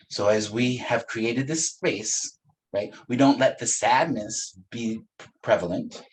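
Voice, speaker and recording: A man teaching a spiritual practice in a gentle, unhurried way, with playful asides and frequent soft laughs. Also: medium pitch, poor audio. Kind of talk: reflective spiritual talk.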